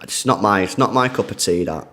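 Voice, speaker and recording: A man's voice: on the low side, animated, brisk, sharp tone. Chatty young man on live stream. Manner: chatty, slangy, greets donors by name. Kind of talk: casual live-stream chat reading donations.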